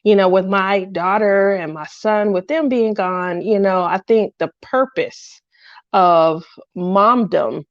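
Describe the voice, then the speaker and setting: Slow, subdued woman chatting on a livestream. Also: mid-range voice, no echo, highs cut off. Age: middle-aged. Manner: rambling, sighing, greets viewers by name. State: low and lonely. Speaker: craft livestream host. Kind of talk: casual livestream chat.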